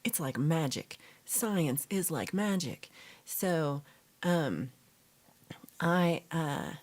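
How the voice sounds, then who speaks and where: Low-voiced woman hosting a casual livestream. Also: animated, drawn-out words, a little mellow. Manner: chatty, reads out and answers chat comments; rambling with fillers and self-corrections. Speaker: livestream host.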